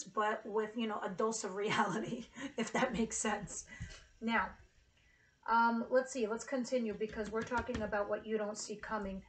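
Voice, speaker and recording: A woman's voice: on the high side, rough recording. A woman giving a casual tarot reading to camera, earnest and emotional, with casual swearing. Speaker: tarot reader.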